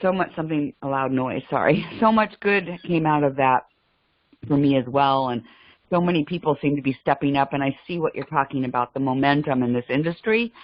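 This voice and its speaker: A woman on a group video call, speaking earnestly with frequent laughs and halting restarts. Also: a bass voice, no room sound. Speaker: call participant. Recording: slightly muffled call audio.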